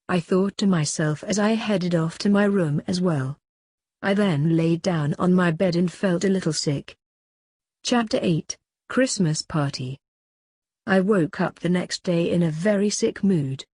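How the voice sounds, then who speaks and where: Woman reading a story out loud, husky lowish voice, plain even delivery. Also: no room sound. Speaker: audiobook reader. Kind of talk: amateur first-person story narration.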